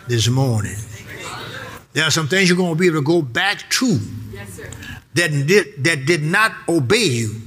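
A man's voice: a little high, pushed and bright. A man preaching a sermon, emphatic and repetitive, reading verses and calling on the congregation to answer back.

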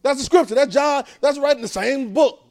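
A man's voice: very high voice, brisk. Man preaching with call-and-response. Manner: call-and-response, repeating lines, swinging from soft to loud. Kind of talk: sermon.

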